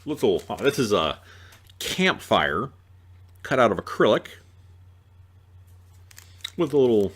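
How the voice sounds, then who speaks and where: A man's voice: lowish voice, big pitch swings, slow, pauses often, fairly bright tone, a little hiss or hum. A man hosting an unboxing video, chatting casually and joking at himself, groggy after a night out and stumbling over his reading. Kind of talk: casual rambling unboxing talk.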